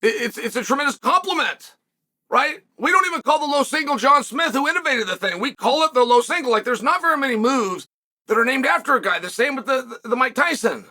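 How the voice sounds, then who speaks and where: A man's voice: very high voice, lively intonation, fairly quick, pushed and bright. A middle-aged man hosting a commentary monologue for viewers, emphatic, repeating words and asking rhetorical questions. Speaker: host and former fighter.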